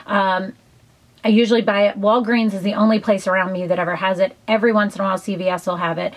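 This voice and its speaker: A woman's voice: mid-range voice, steady tone, quick pace, poor audio. Woman, beauty vlogger, casual haul chat, enthusiastic, rambling, filler-heavy. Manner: chatty, enthusiastic, many ums and asides.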